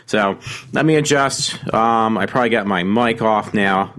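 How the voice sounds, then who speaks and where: A man's voice: fairly low pitch, normal speed, fairly bright tone. A man hosting his own casual show, rambling and correcting himself with lots of ums while fiddling with his mic. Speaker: host. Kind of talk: casual solo show chat. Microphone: home mic being adjusted.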